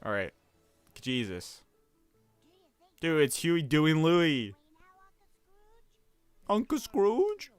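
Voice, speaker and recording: A man's voice: fairly high pitch, expressive, slow pace, pauses often, clean tone, dry recording, faint music behind. A young man streaming from home, rambling and swearing as he gets flustered and mocks himself. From United States. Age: young adult. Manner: rambling, swearing, easily flustered, self-mocking. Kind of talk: casual livestream chat while gaming.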